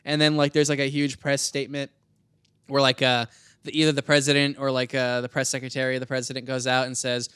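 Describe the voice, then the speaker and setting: A man's voice: medium pitch, little pitch movement, fast talker, a bit bright, clear, resonant tone, dry recording, studio quality. A man co-hosting a podcast, telling a story in a rambling casual way with many fillers. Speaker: podcast co-host.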